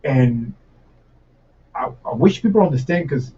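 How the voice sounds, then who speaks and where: A man from Puerto Rico, speaking with a Puerto Rican accent and Spanish as his first language, spins animated stories with plenty of swearing. He sits a little back from a dull, lo-fi mic, so his voice sounds distant and muffled. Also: medium pitch, a little slow. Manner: animated storyteller, swears freely, laughs while telling stories. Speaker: chef guest. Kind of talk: casual podcast conversation.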